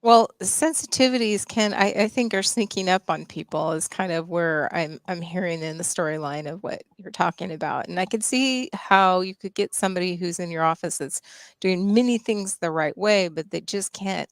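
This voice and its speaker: Female co-host, lowish voice, dry close sound, halting questions. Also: dry recording. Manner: halting, thinking aloud. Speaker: podcast co-host. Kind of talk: casual interview questions.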